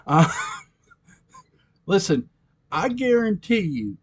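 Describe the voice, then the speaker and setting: A man's voice: a little high, a little mellow, slightly rough. A man recapping a TV episode in casual chat, rambling and giggling often, correcting himself as he goes. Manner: giggly, rambling, frequent laughter and self-corrections. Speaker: fan commentator recapping episodes.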